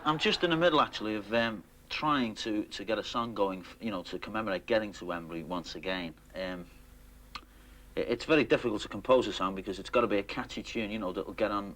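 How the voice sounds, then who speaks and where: Low-voiced, halting man. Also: a bit bright. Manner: halting, then singing slowly. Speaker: fan songwriter. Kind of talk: casual interview.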